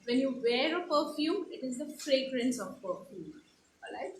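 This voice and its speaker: A woman's voice: sits high, animated, moderate pace, reverberant, a little hiss or hum, rough recording. A woman with an Indian English accent teaching spoken English in a live online class, explaining step by step with many fillers and restarts.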